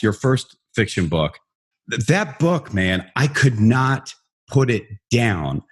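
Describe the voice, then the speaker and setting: A man hosting a podcast in a relaxed, rambling, self-deprecating way. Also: medium pitch, husky. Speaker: podcast host. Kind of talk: casual podcast chat.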